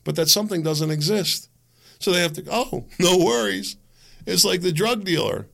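A man's voice: high-pitched, fairly quick, vocal fry, sharp tone. A man hosting his own podcast, ranting through solo political commentary and acting out the people he quotes. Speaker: podcast host.

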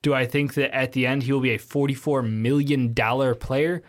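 A man's voice: mid-range voice, fairly even intonation, moderate pace. Male podcast co-host, mid-range voice, talks basketball in casual chat, blunt and emphatic, with loose swearing. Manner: opinionated, swears freely, emphatic.

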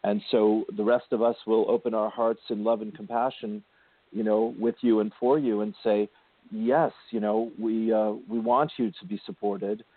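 A man's voice: lowish voice, steady tone, moderate pace, no room sound. A man hosting a spiritual radio show, counseling a caller in a soothing, affectionate way. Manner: soothing, affectionate, calls caller sweetie and darling. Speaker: spiritual intuitive radio host. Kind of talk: gentle spiritual counseling chat. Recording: tinny phone-line sound.

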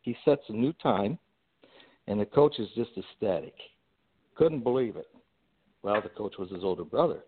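Animated male storyteller on a phone-like line. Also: on the low side, normal speed, pauses often, husky. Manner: animated storyteller with fillers and restarts. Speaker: guest entrepreneur. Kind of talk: storytelling in a podcast interview.

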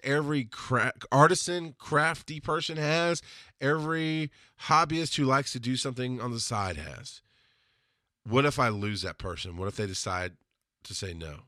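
A man with a bright, forceful voice talks through pricing advice in a relaxed, storytelling way. He sounds like a podcast host who mentors his listeners. The sound is dry and close, with no room around him. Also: mid-range voice, dry recording. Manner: chatty and mentoring, tells stories and acts out customers. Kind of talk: casual advice monologue.

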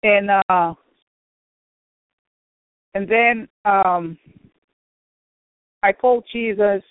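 Over a tinny, dry phone line, a woman gives an earnest faith testimony on a radio program, speaking extremely slowly in a medium-pitched voice with no room sound. She repeats herself and calls out to her brothers and sisters.

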